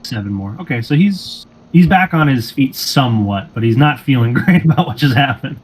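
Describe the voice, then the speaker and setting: A man running a tabletop role-playing game, narrating scenes in a measured, descriptive way. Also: mid-range voice, lively intonation, slightly rough, low-quality recording. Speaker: game master.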